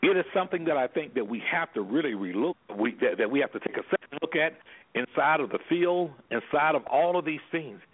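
Guy with a high husky voice, preachy and emphatic, coming through a tinny phone line. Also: animated, fairly quick. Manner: emphatic, preacher-like, repeats "guess what". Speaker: anger management specialist. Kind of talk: radio talk show guest. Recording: phone-line radio sound.

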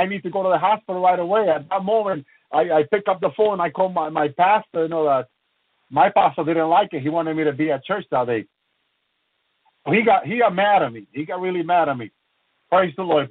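A high-pitched man preaches with fervent testimony, stopping again and again for bursts of praise and stumbling over his own restarts. The sound is thin and phone-like, as on a radio broadcast, and very dry with no room around it. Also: dry recording. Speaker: minister. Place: lives in the United States.

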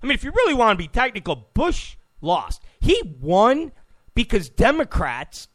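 A man's voice: extremely high pitch, wildly swooping pitch, moderate pace, a bit bright. A man hosting a political talk show, giving an opinionated monologue, emphatic, repeating phrases and stammering on restarts.

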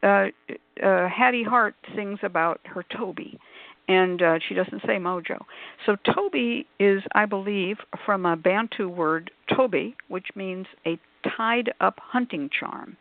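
A woman's voice: mid-range voice, a little slow, vocal fry, dry recording. A woman author on a call-in radio panel, explaining at length in a discursive, scholarly way with many asides. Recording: tinny phone-like line.

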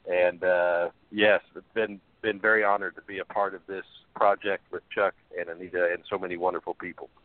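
A man, a pastor, calling into a radio show and talking in an earnest, measured way over a faint phone line. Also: sits low, flat delivery, no echo. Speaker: pastor and caller.

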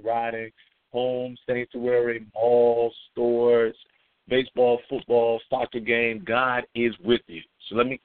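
A man's voice: medium pitch, no room sound. A middle-aged man hosting a morning devotional call as a pastor, greeting listeners by name in a loose, chatty way between his points. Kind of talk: live-streamed morning devotional. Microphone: phone line. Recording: phone-line conference call audio.

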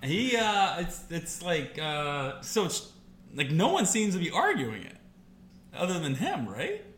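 A man with a Midwestern American accent, co-hosting a casual podcast chat. His voice sits fairly high and bright, and it swings widely as he acts out the people in his stories. The recording has an echoey room sound with faint noise behind it. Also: a little slow. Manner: animated storyteller, acts out quoted voices. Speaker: podcast co-host.

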